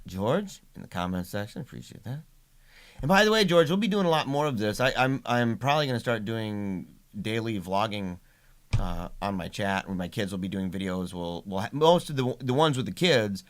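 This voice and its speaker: A middle-aged man hosting a casual livestream, chatty and laughing, with many restarts. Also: on the low side. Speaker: livestream host and father.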